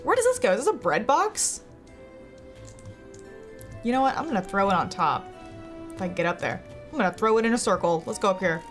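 Her voice is medium in pitch and sing-song, and she talks briskly but leaves long pauses. She's a young woman on a live stream, giggly and chatty, talking to chat about her gameplay while game music plays.

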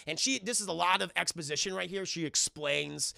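Young man, streamer, excitable film recap, lots of fillers, sharp high voice, heavy vocal fry, dry close sound. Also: a little fast, hardly any pauses, no room sound. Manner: profane, rambling, many fillers, addresses chat constantly; jumps into loud high-pitched impressions of characters. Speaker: streamer reviewing a film with live chat. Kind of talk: animated recap with voiced quotes.

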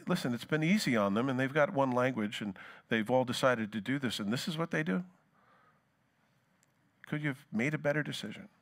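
A male pastor preaching a sermon, reading scripture dramatically and talking to the congregation in casual asides. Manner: dramatic scripture reading, rising loud then dropping low.

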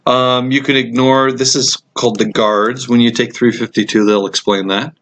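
A man teaching a programming course over a screen recording, explaining code in a relaxed way with frequent ums and uhs, while he has the hiccups. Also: medium pitch, normal speed, a little hiss or hum. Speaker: computer science instructor. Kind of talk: screencast code walkthrough lecture.

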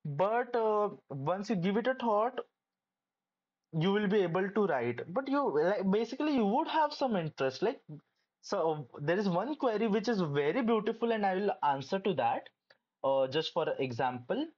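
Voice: mid-range voice, big pitch swings, moderate pace, a little mellow. Hesitant young medical student, muffled audio. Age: young adult. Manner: hesitant, many filler words and restarts. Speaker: medical student giving application advice. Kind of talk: casual advice vlog.

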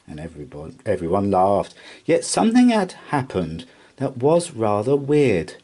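Guy reading a rhyming kids book real slow, husky, bouncy delivery. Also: on the low side, huge pitch swings, mellow. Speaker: storyteller. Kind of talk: children's read-aloud narration.

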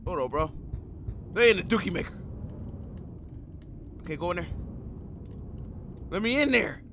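A man giving loud, excitable commentary while playing a horror game, full of slang and yelling at jump scares. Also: sits high, unhurried, slight background noise. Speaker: gamer.

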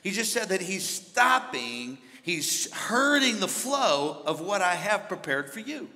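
Pastor, man, sermon delivery; bright, forceful tone, rising to shouts, church reverb. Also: sits high, very animated, measured pace. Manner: storytelling, builds to shouting. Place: large church hall. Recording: hall reverb from a big church.

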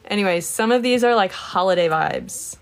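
A woman's voice: mid-range voice, normal speed, soft background music. Casual, swearing woman streaming live. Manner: chatty, greets viewers by name, swears casually, giggles. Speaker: livestreamer. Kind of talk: casual livestream chat.

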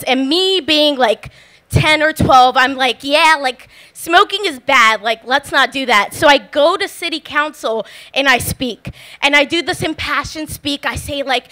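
A young adult woman from Philadelphia tells a comic personal story onstage at a story slam held in a bar, chatty, packed with "like" fillers, and laughing often. Her voice is high, animated, pushed and bright, at a measured pace.

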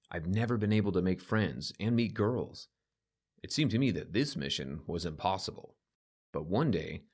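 A man narrates a scripted personal story in a confiding tone. His voice is fairly low and husky.

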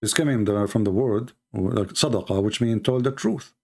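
A man's voice: lowish voice, normal speed, gravelly, a little mellow. A man giving mocking, polemical commentary as a religious debater, sarcastic and taunting.

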